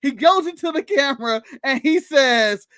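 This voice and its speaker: High-voiced ranting American co-host. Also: male voice, expressive, normal speed, sharp tone, dry recording. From United States. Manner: ranting, sarcastic, laughing, swearing. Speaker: podcast co-host. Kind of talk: casual podcast chat.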